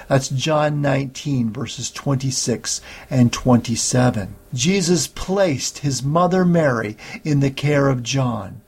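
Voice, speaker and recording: A man preaching a sermon, teaching slowly and steadily through Bible passages. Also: mid-range voice, vocal fry, breathy edge. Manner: slow, measured Bible teaching with scripture readings.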